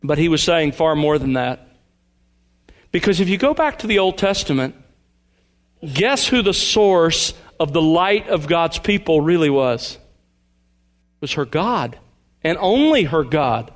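A man's voice: a little high, very animated, a little slow, long pauses. A man pastor preaching a sermon, reading scripture aloud with earnest emphasis.

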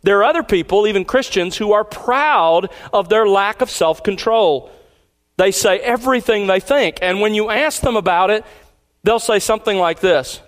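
High-voiced guy preaching a sermon, slow deliberate cadence, hammers key lines twice. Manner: emphatic, repeats key lines slowly. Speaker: pastor.

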